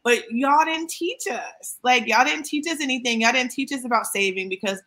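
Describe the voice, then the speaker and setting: A woman in her thirties co-hosting a podcast, chatting casually and animatedly with quick asides and playful mock voices. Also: high-pitched, bright, forceful tone. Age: 30s. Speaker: podcast co-host. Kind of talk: casual chat.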